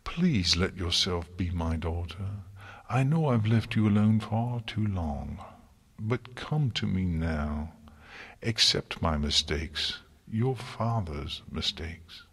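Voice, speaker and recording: A man voicing a regal, motherly pony princess who speaks softly and pleads with guilt, in an audiobook reading. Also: deep voice, animated, takes it slowly, husky, full character voice. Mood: pleading. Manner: soft, pleading, tender.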